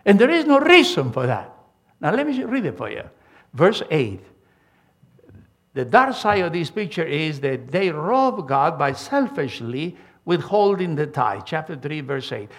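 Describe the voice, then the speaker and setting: Older preacher man, gravelly and animated. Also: fairly high pitch, unhurried. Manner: emphatic preaching with a storytelling style, frequent restarts. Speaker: pastor. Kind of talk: sermon.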